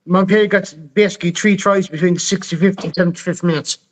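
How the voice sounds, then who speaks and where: Kerry male host, teasing and dry, high pitch, keeps the chat moving. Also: steady tone, fast. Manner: dry, teasing, steers the talk along. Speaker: podcast host. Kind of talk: hosting a live sports chat.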